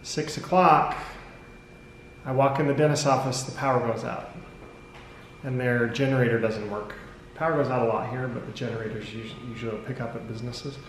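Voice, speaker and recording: A man's voice: medium pitch, fairly even intonation, a little fast. An American man, a father, telling a story in a wry, rambling way with frequent self-corrections. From United States. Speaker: vlogger, father. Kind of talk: casual storytelling to camera. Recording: echoey room with background noise.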